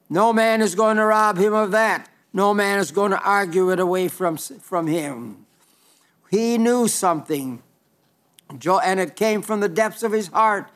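A man's voice: high-pitched, a bit bright. An older man preaching an earnest sermon, emphatic and repeating key phrases.

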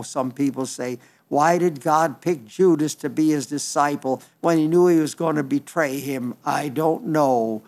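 A man's voice: a little high, unhurried, hardly any pauses, a little mellow. A man preaching a sermon, fervent and repetitive, with frequent restarts.

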